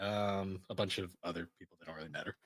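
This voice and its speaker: A man's voice: deep voice, fairly even intonation, quick pace, no echo. A man co-hosting a casual podcast, joking and laughing mid-sentence as he talks. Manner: jokey, laughs mid-sentence, acts out quotes. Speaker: podcast co-host.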